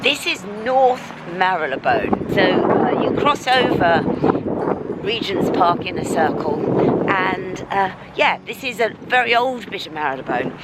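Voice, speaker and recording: A woman, a vlogger and radio host, chatting eagerly with quick reactions in a casual vlog. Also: medium pitch, lively intonation, heavy background noise.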